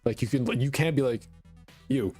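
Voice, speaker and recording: A man's voice: medium pitch, fairly quick, faint music behind. A man from rural Connecticut, with a mixed New York, Boston and Connecticut accent, chatting casually and profanely on a game dev live stream. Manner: rambling, profane, self-deprecating.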